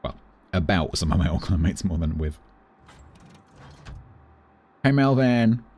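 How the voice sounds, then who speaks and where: A man's voice: very deep voice, steady tone, brisk, a little mellow, husky. A man chatting casually while streaming a naval battle game, muttering and making playful noises. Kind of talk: live gameplay commentary.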